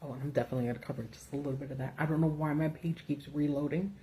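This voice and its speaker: A woman's voice: low-pitched, fairly even intonation, racing, warm tone, a little hiss or hum. A woman hosting a casual livestream, ranting bluntly with profanity from notes at home under a ring light. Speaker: political commentary host.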